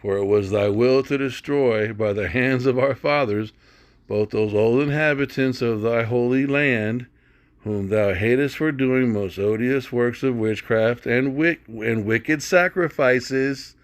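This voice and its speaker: A man's voice: mid-range voice, a little slow. A man teaching from the Bible and commenting as he goes, emphatic and blunt, often asking his listeners rhetorical questions. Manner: blunt, drops into swearing.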